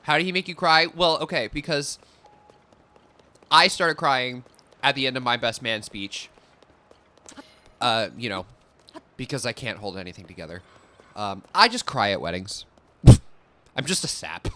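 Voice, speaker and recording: A man's voice: medium pitch, lively intonation, a little slow, pauses often, pushed and bright. A young man chatting casually while he streams a game, rambling with many fillers and swearing now and then at what happens on screen. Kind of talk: casual chat while gaming.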